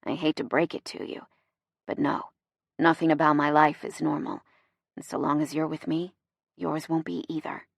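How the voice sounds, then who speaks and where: A woman narrator voicing a cocky, bossy, flirtatious man, speaking low and gruff with a teasing edge. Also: level tone, normal speed, dry recording, clean studio sound, full character voice.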